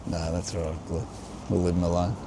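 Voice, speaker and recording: A man's voice: low-pitched, level tone, brisk. A man talking as he walks through a church garden by the harbour, musing and offhand. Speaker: vlogger. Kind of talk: walking tour vlog with talk. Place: outdoors by a harbour. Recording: outdoor noise and passing vehicles. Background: outdoor ambience and traffic.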